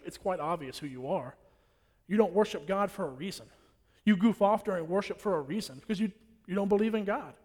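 A man's voice: fairly high pitch, a little mellow, slightly rough. A young man preaching a sermon in a church, blunt and repetitive, hammering his warnings home. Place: church hall. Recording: long hall reverb.

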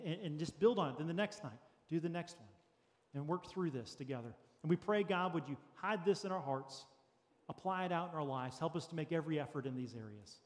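Earnest pastor in a reverberant church. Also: male voice, fairly high pitch. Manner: earnest, practical, lightly joking with congregation. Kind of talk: sermon. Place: church sanctuary.

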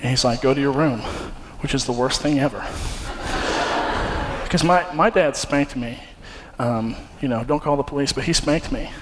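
A man's voice: medium pitch, normal speed, noisy background. Earnest male preacher in a reverberant hall. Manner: earnest, conversational, many fillers and restarts. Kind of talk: sermon with personal story. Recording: long hall reverb, faint ambience.

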